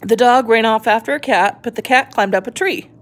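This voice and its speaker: A woman reading a children's picture book aloud in a gentle, expressive way. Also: on the high side, fairly quick. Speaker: storybook reader. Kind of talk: children's story read-aloud.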